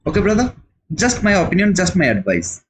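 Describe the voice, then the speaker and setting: A man's voice: high voice, wildly swooping pitch, a little fast, slight background noise, poor audio. A man hosting a live trading stream, chatting casually and answering viewers' comments, with frequent repeated words. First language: not English. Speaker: trading livestream host.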